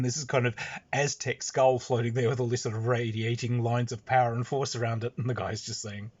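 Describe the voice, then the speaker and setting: A man's voice: mid-range voice, slightly rough. A man with a Western Australian accent telling a rambling, amused anecdote full of fillers and restarts. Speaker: storyteller, screenwriter. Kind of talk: casual anecdote. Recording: dull lo-fi sound.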